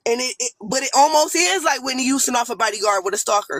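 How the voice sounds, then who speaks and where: A woman's voice: sits high, expressive, fast talker, fairly bright tone, dry recording. A woman with an African American accent giving a blunt, profane, rambling rant as a guest on a live stream panel. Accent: African American English.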